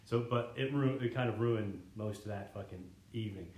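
A man's voice: on the low side, moderate pace, a little mellow. Cursing guy telling stories. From Canada. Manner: rambling, swears a lot, laughs through the story. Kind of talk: casual storytelling chat. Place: living room. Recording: echoey room.

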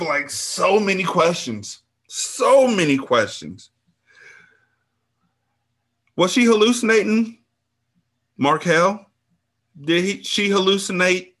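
A man hosting a book club podcast reacts to the story with lively, animated exclamations. His pitch swings widely and he stretches out his reactions. He often repeats himself as he thinks aloud. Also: takes it slowly, pauses often, husky. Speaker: podcast host.

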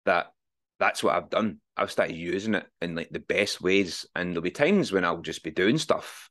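Forties male guest, deep-pitched, earnest and open, drops the odd swear. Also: fairly bright tone. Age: 40s. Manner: earnest, reflective, swears freely. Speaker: podcast guest. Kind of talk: candid interview conversation.

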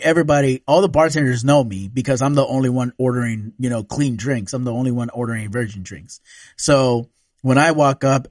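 A man's voice: mid-range voice, dry recording, studio quality. A man telling a personal story in casual chat. He swears a lot and laughs often. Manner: relaxed, profane, laughs often.

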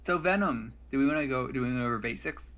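A man's voice: medium pitch, racing, a bit bright. A man co-hosting a casual podcast about movies, talking in a rambling, sardonic way and often restarting his sentences. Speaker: podcast co-host.

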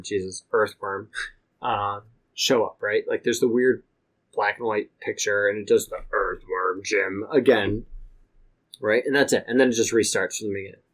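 A man's voice: on the low side, poor audio. A man co-hosting a casual video game podcast, joking and exasperated, laughing often. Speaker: podcast co-host. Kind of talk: casual game review chat.

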